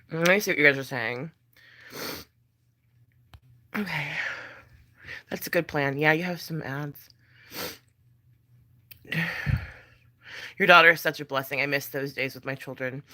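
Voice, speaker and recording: A woman's voice: low-pitched, pushed and bright. A pregnant woman vlogging in casual chat, blunt and chatty, swearing freely and laughing between thoughts.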